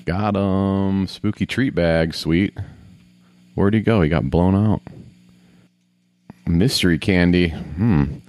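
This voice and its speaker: A man's voice: deep voice, slow, pauses often, darkish tone. A man casually commenting on a video game as he plays, grumbling, swearing and talking to himself. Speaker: gamer.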